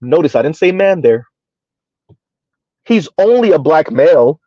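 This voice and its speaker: Sarcastic high-voiced Southern man commentating. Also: expressive, moderate pace, mellow, husky, dry recording, highs cut off. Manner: sarcastic, mocking, emphatic. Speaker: commentary streamer. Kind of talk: reaction commentary to live chat.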